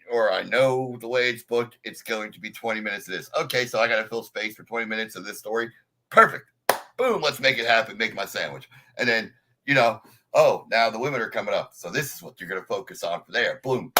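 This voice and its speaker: Bright-voiced animated man telling stories. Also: poor audio. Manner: animated storyteller, acts out quoted people in high voices. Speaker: podcast guest, wrestling announcer. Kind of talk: casual chat.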